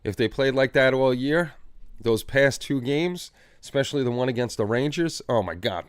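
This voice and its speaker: A man's voice: medium pitch, expressive, normal speed, clear, resonant tone, no room sound, studio quality. A man hosting a livestream, chatting casually and reading viewer comments in a rambling, easygoing way with repeated phrases. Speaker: livestream host. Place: home hobby room.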